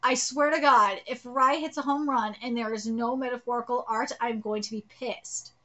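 Woman, 30s, live manga reaction streamer, high voice, bright tense tone, excitable, swearing rants. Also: moderate pace. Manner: excitable, ranting, swears freely.

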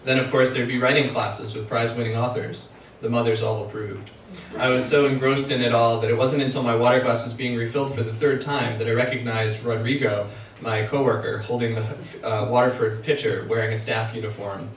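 Author reading aloud in an echoey room. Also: male voice, medium pitch, little pitch movement, far from the mic, a little hiss or hum. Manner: measured first-person narration. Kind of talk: reading his novel aloud. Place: event room for a book party. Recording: echoey room, heard from afar.

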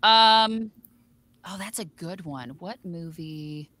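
A woman from Texas with a Texan accent, hosting a casual sports chat show and joking quickly. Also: on the low side, no echo. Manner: animated, quick to joke. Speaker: radio show host.

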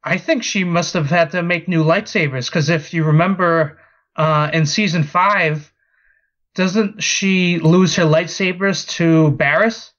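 A man guesting on a podcast in casual fan chat, relaxed and quick to laugh. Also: on the high side. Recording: dull lo-fi audio.

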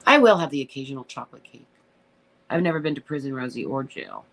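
She has an extremely low voice with big pitch swings, and she talks fast. The speaker is a middle-aged woman hosting a casual live chat stream, reading comments aloud and answering bluntly and emotionally, with heavy swearing and occasional tears.

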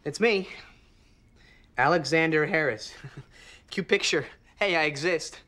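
A man's voice: a little high, slow, pushed and bright. Goofy young man, wisecracking, jokey, TV drama.

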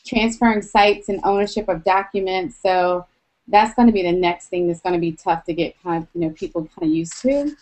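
A woman's voice: fairly low pitch, fairly quick, a little mellow, low-quality recording. A woman co-hosting a webcast, easygoing and upbeat, with light laughs. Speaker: co-host, school technology staff. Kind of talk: casual webcast chat.

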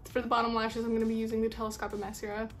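A woman's voice: on the high side, completely flat delivery, racing, faint music behind. A young woman with a sick, stuffy voice, chatting casually while doing her makeup. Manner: chatty, self-deprecating, rambling. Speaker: beauty vlogger. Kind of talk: casual makeup tutorial chat.

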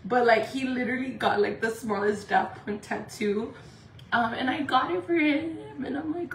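A woman from Indio, California, chatting casually on a makeup livestream from home, talking fast and loose, swearing freely and saying "like" a lot. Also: mid-range voice, steady tone, distant mic. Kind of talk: casual live-stream chat. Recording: echoey room with faint background noise.

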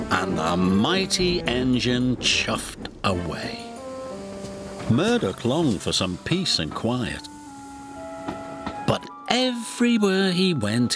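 A man with a British accent narrates a children's railway story in an expressive, sing-song voice. He takes his time, and his pitch rises and falls a great deal. Music plays steadily under the studio voice-over. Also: slow. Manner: expressive, does all the voices.

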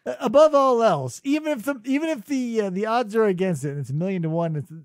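A man's voice: sits high, fast, no room sound. A man co-hosting a casual comedy podcast, telling a story with dry, mock-logical reasoning. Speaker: podcast co-host.

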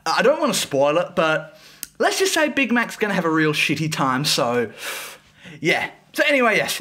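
A man's voice: sits high, bright, forceful tone. A young man hosting a casual fanfic review video, rambling, swearing and often breaking into giggles. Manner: giggly, keeps breaking into laughter.

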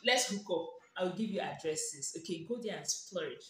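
A woman's voice: fairly low pitch, expressive, moderate pace, heavy background noise. A woman with a Nigerian accent giving playful, sarcastic lifestyle advice in a vlog, teasing and often laughing. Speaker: lifestyle vlogger. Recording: very echoey room.

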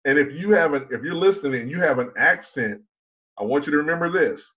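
A man gives an online conference talk as a public speaking coach, emphatic and slowing to land his points. His voice sits fairly high for a man. The sound is dull and lo-fi, as over a video call. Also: animated. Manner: emphatic, asks rhetorical questions, slows down to stress points.

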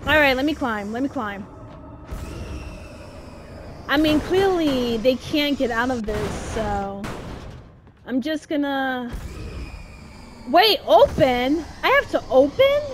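Woman gaming host, high voice, unhurried, chatty and exasperated, noisy game sound behind. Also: expressive. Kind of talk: casual let's-play commentary.

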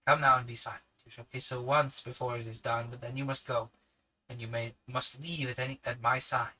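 A man voicing a grave, commanding elderly professor in a hushed, measured tone. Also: mid-range voice, flat delivery, low-quality recording. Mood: grave, kindly.

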